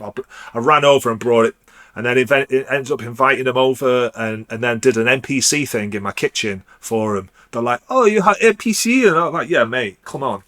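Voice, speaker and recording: Male DJ guest, mid-pitched, halting and rambling storyteller who keeps restarting his sentences. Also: a bit bright. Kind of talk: casual storytelling.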